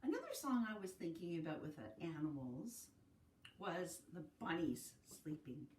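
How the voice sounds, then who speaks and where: A woman from Canada leading a virtual family literacy circle, singing rhymes and talking gently and encouragingly to young children. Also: on the low side, very animated, normal speed, slight background noise. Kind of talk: virtual circle-time lesson with songs and rhymes. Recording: distant mic in an echoey room.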